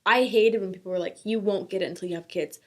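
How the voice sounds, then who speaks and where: Candid young mom chatting on a podcast. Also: female voice, mid-range voice, quick pace. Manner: animated, candid, sarcastic retellings. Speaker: podcast co-host. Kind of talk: casual chat.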